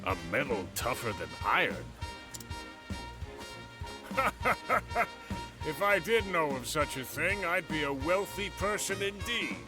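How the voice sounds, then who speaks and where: A courteous shopkeeper for a video game, speaking slowly and with measured care. His voice sits slightly high, over clearly audible game music. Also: big pitch swings, low-quality recording. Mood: polite. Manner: courteous, measured sales talk. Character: polite male arms shopkeeper. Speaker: game character.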